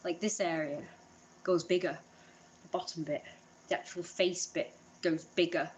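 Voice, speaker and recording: A woman's voice: lowish voice, fairly even intonation, measured pace, a little hiss or hum. A woman chatting casually in a vlog, rambling and self-deprecating. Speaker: vlogger.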